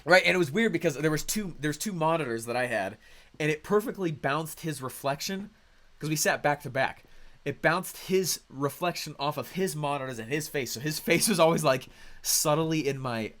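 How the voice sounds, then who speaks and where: High-voiced man telling a lively story. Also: normal speed. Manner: excitable, checks in often with "okay?" and "right?". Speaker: speaker sharing his career story. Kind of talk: animated storytelling talk to an audience.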